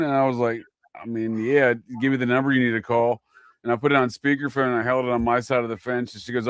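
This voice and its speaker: A man's voice: medium pitch, fairly even intonation, a little fast, dry recording. A man from Ohio chatting on a podcast, telling profane anecdotes and laughing often. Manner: profane, storytelling, laughs a lot. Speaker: podcast host. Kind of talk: casual podcast chat.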